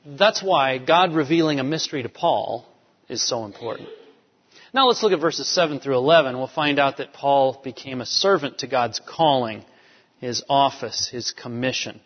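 A man's voice: mid-range voice, normal speed, slightly rough. A man preaching a sermon, emphatic, driving home key phrases by repeating them. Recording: dull lo-fi sound with long hall reverb.

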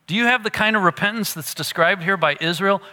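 Man preaching, slightly high voice, gets loud then goes real quiet, echoey hall. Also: fast talker. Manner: animated preaching, drops to a hush for emphasis. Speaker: pastor. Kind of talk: sermon.

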